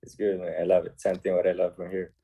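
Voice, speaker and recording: A man with a Costa Rican accent speaks in a very low, husky voice with a dark, mellow tone. He is a guest on a casual radio interview and talks cheerfully in halting English, often tagging on "man". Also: completely flat delivery. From Costa Rica. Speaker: guest footballer.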